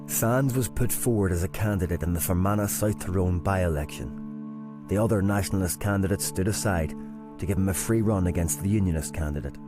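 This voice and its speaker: A man reading scripted documentary narration in a measured, deliberate way. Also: sits low. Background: clear music.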